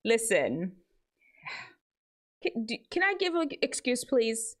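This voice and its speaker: A woman hosting a teen advice show, chatting to young viewers in a casual, animated way. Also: takes it slowly. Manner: animated, chatty, jumps between high and low tones. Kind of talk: casual advice talk to teens.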